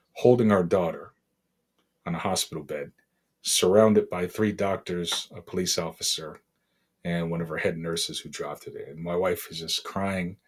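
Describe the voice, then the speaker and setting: A middle-aged man from Boston, a podcast guest, telling a painful personal story in a halting, emotional way with many fillers. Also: low-pitched, breathy edge. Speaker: interview guest.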